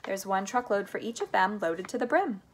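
A woman voicing an eccentric, cheerful male candy maker in a storybook read aloud, talking in a brisk, chatty way. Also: medium pitch, lively intonation, close to an everyday voice. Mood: breezy.

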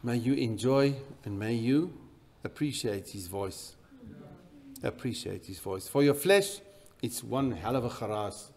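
A man preaching a sermon in a church, swinging between loud emphatic bursts and quiet, intense passages. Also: mid-range voice, measured pace. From South Africa. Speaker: pastor.

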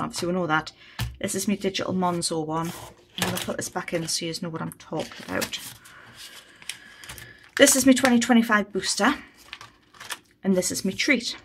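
A woman's voice: fairly low pitch, fairly quick, a bit bright, a little hiss or hum. A woman chatting casually on a budgeting vlog, thinking aloud as she counts money. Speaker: budgeting vlogger. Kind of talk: casual chat while cash stuffing.

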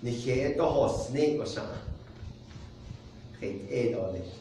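A man, a pastor, preaching a sermon in a measured way with soft chuckles between points. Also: medium pitch, lively intonation, slight background noise. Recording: very echoey room, distant mic.

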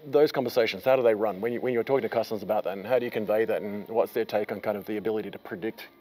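A man hosting an interview at a conference, asking long, quick questions with many fillers. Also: lowish voice, fairly even intonation, warm tone, poor audio. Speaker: interviewer host. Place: busy conference venue.

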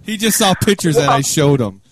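A man's voice: a little high, big pitch swings, a little fast, a crowd in the background. A man co-hosting a casual podcast, teasing and crude in his banter. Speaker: podcast co-host. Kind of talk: casual interview chat.

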